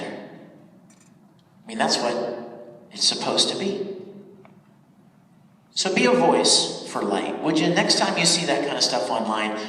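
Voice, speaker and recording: A man speaking as a voice-actor guest at a convention panel, telling stories in a chatty, laughing manner. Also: fairly high pitch. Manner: animated, laughing, chatty storyteller. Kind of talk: convention Q&A storytelling. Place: large convention panel hall. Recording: echoey hall from far off. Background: crowd and room noise.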